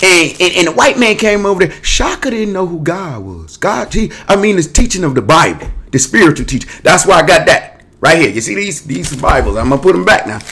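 A man hosts his own show, speaking briskly in a high voice that is pushed, bright, and slightly rough, with big pitch swings. He delivers a digressive monologue to camera, restlessly switching topics in a streetwise, casual way that includes cursing.

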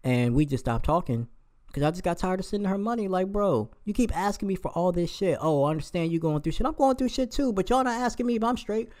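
A man's voice: sits high, expressive, fairly quick, darkish tone. A young man in a heated, profane casual rant, firing off rhetorical questions.

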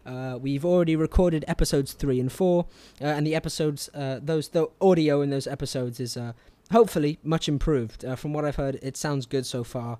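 A man's voice: fairly high pitch, brisk, hardly any pauses, mellow, no echo. A man giving casual podcast announcements, rambling with many fillers and poking fun at himself. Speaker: podcast player making announcements.

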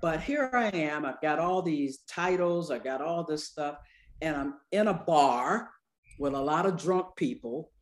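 A woman in her sixties, an anesthesiologist and speaker, telling stories in an interview with humor and lively quoted voices. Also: low voice, unhurried. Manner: lively, acts out quoted people with voice changes; humorous, conversational. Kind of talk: storytelling in an interview.

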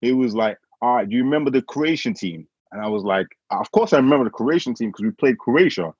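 A man from England telling a story in a casual conversation, animated, acting out what others said. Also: mid-range voice, fast talker, husky, no room sound. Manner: animated, quotes others with voice changes. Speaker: guest. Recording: dull, dry sound.

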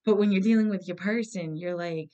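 A woman's voice: medium pitch, fairly quick, mellow, lo-fi sound. A woman giving a casual tarot reading to her viewers, blunt and emphatic, swearing freely and repeating her points. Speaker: tarot reader.

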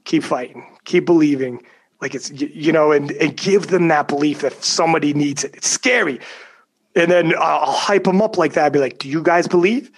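Husky guy, kinda high voice, swearing a lot while he tells his story. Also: normal speed. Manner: profane, emphatic storytelling. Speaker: guest storyteller. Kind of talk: casual chat.

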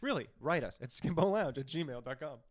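A man's voice: a little high, lively intonation, brisk. A man co-hosting a casual comedy podcast, laughing often and riffing along on crude jokes. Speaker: podcast co-host.

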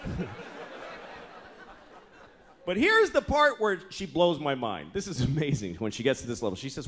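On a comedy club stage, a man delivers a stand-up set of profane, exasperated tales, putting on mock voices to play other people as the crowd laughs. His pitch sits on the high side and swoops wildly, and he talks briskly. Slight background noise and audience laughter come through in this live club recording.

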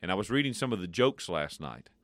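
A man co-hosting a devotional show, telling jokes in a playful, animated way. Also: deep voice, quick pace, no room sound, clean studio sound. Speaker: co-host. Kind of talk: casual chat, telling jokes.

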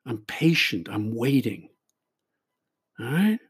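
A man's voice: mid-range voice, sing-song, slow, breathy edge, full character voice. A man voicing a bottle, an addiction personified, that taunts and coaxes with mocking tag questions. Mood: taunting.

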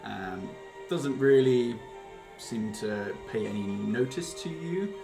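A man's voice: medium pitch, expressive, slow, vocal fry. Man running a tabletop game, full of ums. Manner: rambling, hesitant, full of ums and uhs. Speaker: game master. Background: background music.

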